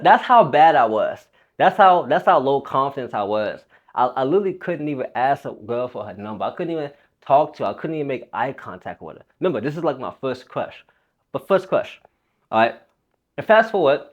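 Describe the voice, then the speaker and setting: A man's voice: medium pitch, dull audio. A young man and fitness coach telling a personal story in a loose, rambling, casual way, swearing freely.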